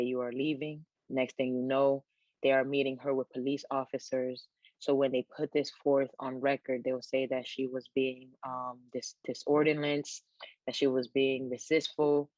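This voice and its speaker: A man on a townhall panel, commenting with an almost unchanging, monotone delivery. His voice is dry and slightly dull, like muffled call audio. He speaks measured and deliberate, restarting some words. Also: medium pitch, no room sound. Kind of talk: commentary on a video clip.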